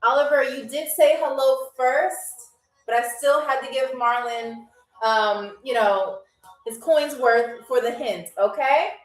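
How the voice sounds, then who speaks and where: A woman's voice: high voice, unhurried, roomy sound, far from the mic, poor audio. A woman hosting a live online game show in a playful, chatty, teasing way. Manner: chatty, teasing, laughs often.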